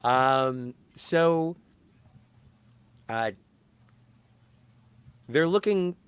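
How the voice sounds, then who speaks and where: A man's voice: mid-range voice, drawn-out words, clean tone, dry recording. A man co-hosting a podcast, recapping a film in casual chat and often correcting himself mid-sentence. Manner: animated, self-correcting storyteller. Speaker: podcast co-host.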